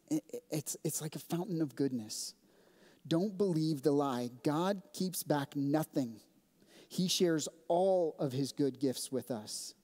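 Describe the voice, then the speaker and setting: Warm-voiced man preaching a sermon. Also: on the high side. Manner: earnest, measured preaching. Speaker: pastor. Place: church sanctuary. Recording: long reverb of a church hall.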